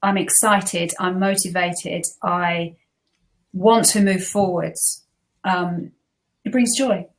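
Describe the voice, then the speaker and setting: A woman's voice: fairly low pitch, fairly even intonation, slow pace. A woman co-hosting a casual spiritual chat, earnest and reflective. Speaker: co-host.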